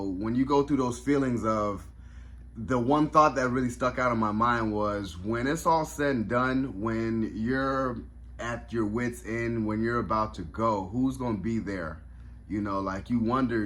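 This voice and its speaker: Low-voiced man, reflective and emotional. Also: unhurried, a bit bright. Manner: reflective, emotional, many fillers. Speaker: reviewer. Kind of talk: casual review vlog.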